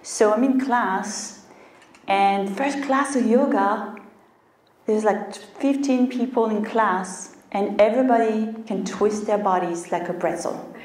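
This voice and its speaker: A woman's voice: mid-range voice, takes it slowly, a little mellow, roomy sound, distant mic. A woman health coach giving a motivational talk, telling a personal story and acting out her inner voice.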